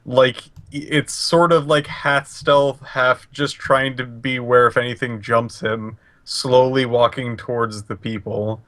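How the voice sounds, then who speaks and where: Unhurried male player, halting narration, dry close mic. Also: medium pitch, fairly even intonation, a bit bright, no echo. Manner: halting, with fillers and laughs. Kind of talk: describing actions in a tabletop game.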